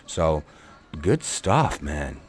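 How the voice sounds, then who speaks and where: A man hosting a casual sports talk live stream, enthusiastic and halting, with lots of fillers. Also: rumbling low, sing-song. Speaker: host.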